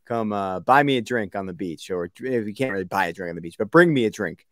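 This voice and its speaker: A man's voice: lowish voice, expressive, fast talker, fairly bright tone, no room sound, clean studio sound. A man from the Boston area co-hosting a sports podcast, laid-back and rambling with lots of fillers. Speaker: podcast co-host. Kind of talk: casual sports podcast chat.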